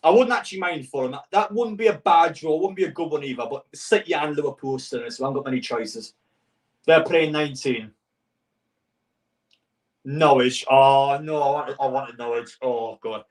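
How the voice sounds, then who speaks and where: A man's voice: medium pitch, brisk, hardly any pauses, recorded from a distance. A man reacting live to a cup draw as a football fan, exasperated and swearing, rambling with stutters.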